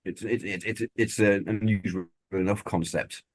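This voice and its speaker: Husky low-voiced man, musing. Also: fairly even intonation, normal speed, no room sound. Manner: musing, joking asides. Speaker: podcast co-host. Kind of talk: casual chat.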